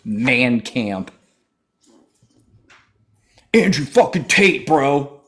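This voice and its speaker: A man hosting a political livestream, talking in a brash, profane, mocking way, thanking viewers and scolding callers. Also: mid-range voice. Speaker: livestream host.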